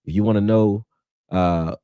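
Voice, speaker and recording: A man hosting a casual live football film breakdown, talking in an animated, argumentative way and answering people in the chat. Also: fairly low pitch, a little slow, no echo.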